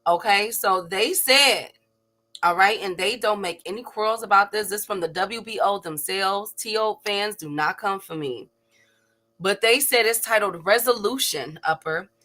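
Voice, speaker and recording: A woman's voice: medium pitch, moderate pace, pushed and bright. A woman hosting a casual boxing live stream, chatty, laughing easily and greeting viewers by name. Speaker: host.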